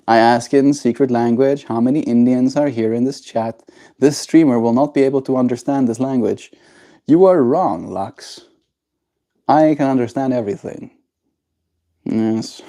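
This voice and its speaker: A man's voice: mid-range voice, dark tone. A man livestreaming casually, chatting to his pet bird in sing-song baby talk and reading viewer chat aloud. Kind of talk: casual live stream chat.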